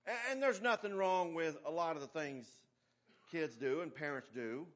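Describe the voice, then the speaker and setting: Pastor, male, middle-aged; emphatic, folksy sermon delivery, slightly high-pitched. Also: moderate pace. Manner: folksy, emphatic preaching with asides and humor.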